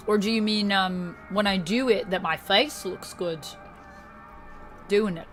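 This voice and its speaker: A woman's voice: mid-range voice, unhurried, long pauses, a bit bright, soft background music. Upbeat woman streamer on a desk mic, talking to chat. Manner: upbeat, thanks viewers, reads chat aloud. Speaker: livestreamer. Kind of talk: casual livestream chat with viewers.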